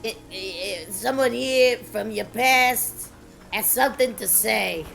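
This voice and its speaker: A woman voicing a small, brash male flying creature that shouts and stumbles over names. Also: a little high, takes it slowly, vocal fry, faint music behind, heavily acted. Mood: shouting.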